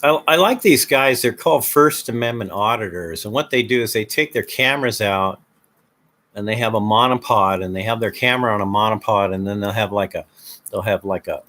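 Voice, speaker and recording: A man's voice: on the low side, a little fast, fairly bright tone. Hesitant man rambling casually. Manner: hesitant, many fillers and restarts. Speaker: video host.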